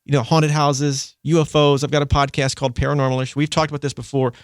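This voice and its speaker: A man hosting a radio interview, asking playful, animated questions in casual chat. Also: a little high, fast talker, clean tone, no echo, studio quality. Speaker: radio host.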